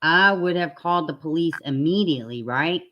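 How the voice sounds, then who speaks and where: A woman's voice: sits low, normal speed, dull audio, slight background noise. A woman hosting a casual true-crime live stream, talking bluntly and chattily straight to her viewers and swearing now and then.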